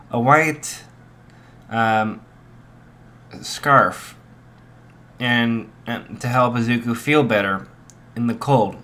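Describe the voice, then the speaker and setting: A young man improvising a fan story, halting with many restarts and fillers. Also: mid-range voice, bright, forceful tone.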